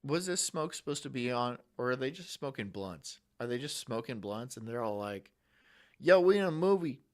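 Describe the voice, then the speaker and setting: A man's voice: medium pitch, moderate pace, fairly bright tone. A man hosting a live stream, talking casually with crude, sarcastic, mocking remarks. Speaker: streamer host. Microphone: studio mic.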